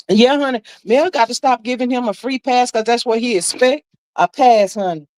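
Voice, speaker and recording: A woman, hosting a casual livestream, reading viewers' comments and gossiping in a sassy, animated way. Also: fairly high pitch, normal speed, no echo, low-quality recording. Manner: sassy, animated, talks to viewers as "child" and "honey". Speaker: livestream host reading chat. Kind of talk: casual chat about reality TV gossip.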